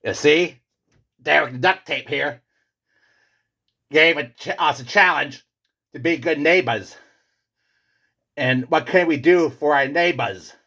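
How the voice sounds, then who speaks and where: Man playing a bragging pizza hero, gravelly and husky, bright edge, theatrical. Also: slow, long pauses, exaggerated voice. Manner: booming, theatrical, insistent. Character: boastful male pizza character, self-styled great one. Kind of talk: comedy skit.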